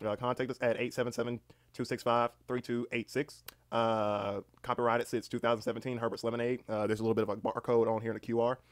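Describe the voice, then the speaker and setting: A man chatting casually on a live stream, rambling and swearing freely, reading aloud haltingly with lots of fillers. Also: mid-range voice, level tone, no room sound. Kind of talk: casual livestream chat.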